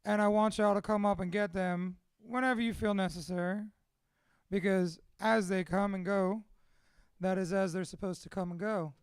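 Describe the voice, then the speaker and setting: With a clean, high-pitched voice at normal speed and no echo, a tattoo studio owner chats live to an audience in a room at his own gathering. He's excitable and heartfelt, and he swears plenty.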